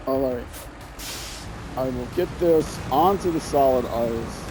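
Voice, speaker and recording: A man with a Minnesota accent streams a driving game, talking himself through each step with joking asides as casual gameplay commentary. His medium-pitched, darkish voice is slow, with long pauses, over slight background noise.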